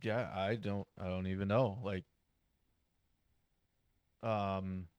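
Man, podcast co-host, slow, hesitant, dry close recording. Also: sits low, little pitch movement, darkish tone, smooth, no echo. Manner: hesitant, many fillers. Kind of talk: casual religious discussion.

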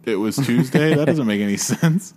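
A man hosting a casual movie trivia game, animated and quick to laugh and swear. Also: medium pitch. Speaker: podcast host running a movie trivia game. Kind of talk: casual chat.

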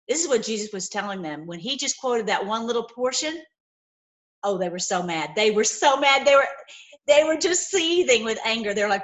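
A woman giving an informal, impassioned sermon, swinging between loud outbursts and low murmurs, with many repeated words. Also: expressive, a little fast. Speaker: preacher.

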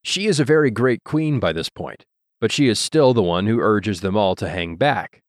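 A man narrating an audiobook in a measured, literary reading style. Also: fairly low pitch, animated, no room sound, clean studio sound. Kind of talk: scripted narration.

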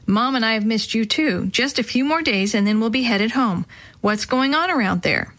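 A woman's voice: a little high, expressive, moderate pace, a bit bright. A woman voicing a friendly father who jokes on the phone in a children's story. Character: warm father calling home.

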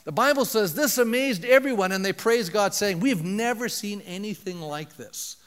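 A man preaching a sermon as pastor, animated and asking the congregation rhetorical questions. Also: high voice, moderate pace, big-room sound.

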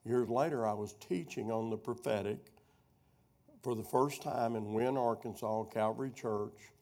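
A middle-aged preacher with a gravelly voice tells homespun stories to teach his class. He rambles, wanders off track and circles back to pick up the thread. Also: mid-range voice, normal speed, warm tone. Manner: rambling storyteller who loses his thread and doubles back. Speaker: preacher teaching a prophecy workshop. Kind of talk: folksy teaching sermon with personal stories.

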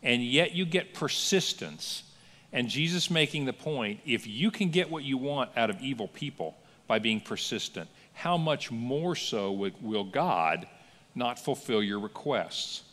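Animated preaching man in a reverberant hall. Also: mid-range voice, a little slow. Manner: animated storytelling with acted-out quotes. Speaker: pastor. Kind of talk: sermon. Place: church sanctuary.

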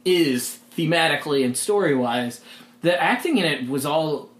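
A man's voice: a little high, animated, moderate pace. A man co-hosting a podcast, chatting casually with wry, tangent-prone asides. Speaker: podcast co-host. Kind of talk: casual chat. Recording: roomy echo.

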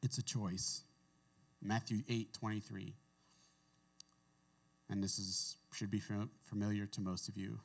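A man with a fairly low voice delivers a casual sermon. He talks in a conversational way, reading scripture aloud and breaking off into offhand asides. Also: flat delivery, measured pace, creaky, pauses often. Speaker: pastor.

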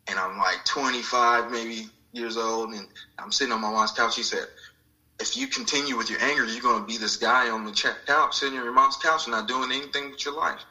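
A man's voice: medium pitch, steady tone, brisk, hardly any pauses, bright, forceful tone, rough recording. A man sharing a personal spiritual story in an interview, reflective and acting out the voices of people he quotes. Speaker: guest.

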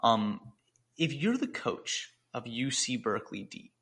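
A man's voice: mid-range voice, sing-song, a little slow, creaky, fairly bright tone, slightly rough. A man co-hosting a podcast, chatting in a loose, rambling way with many restarts. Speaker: podcast co-host and coach. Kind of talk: casual podcast chat.

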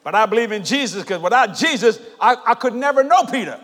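A man preaching a sermon, swinging from low, quiet murmurs to shouted exhortations. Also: animated, fast. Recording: long hall reverb.

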